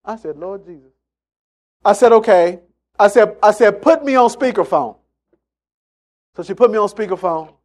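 A man's voice: high-pitched, normal speed, long pauses, a little mellow. A man preaching a sermon, emphatic and repetitive, acting out the voices of people in his stories. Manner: emphatic, repeats phrases, acts out quotes in story.

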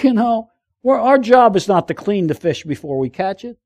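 Lively high-pitched male preacher. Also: normal speed. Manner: lively, joking, calls out to the audience. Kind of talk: sermon with humorous storytelling.

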